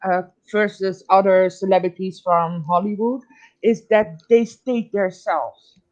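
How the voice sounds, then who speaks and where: This is a chatty woman on a stream panel who talks in a slightly halting way. Her audio sounds dull and lo-fi, with a middle-pitched voice. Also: a little mellow. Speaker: chat panelist. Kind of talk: casual chat.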